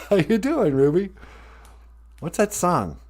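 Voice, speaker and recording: A man's voice: high-pitched, big pitch swings, takes it slowly, darkish tone. A man hosting a casual live stream, joking, greeting viewers by name and laughing often. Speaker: live stream host teaching Ojibwe.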